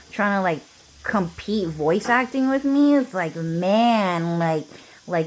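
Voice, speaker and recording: Low-voiced woman ranting, "like" and "dude". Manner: profane, fills speech with "like" and "dude". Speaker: vlogger. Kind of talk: casual rambling rant.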